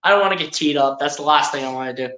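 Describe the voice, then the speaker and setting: A live sports streamer putting on a low, whiny voice to mock a grumbling male basketball player. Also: rapid-fire, fairly bright tone, echoey room, natural voice. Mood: sulking.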